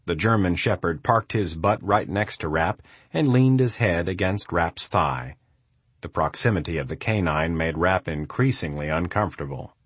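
A man narrating a thriller audiobook in a steady, measured storytelling manner. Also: low voice, breathy edge, no room sound. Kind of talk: scripted narration.

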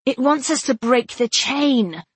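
A woman's voice: high-pitched, expressive, a little slow, husky, dry recording, voice pushed up, heavily acted. A woman voicing an urgent, decisive young fighting man in an audiobook, commanding in tone. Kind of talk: audiobook narration.

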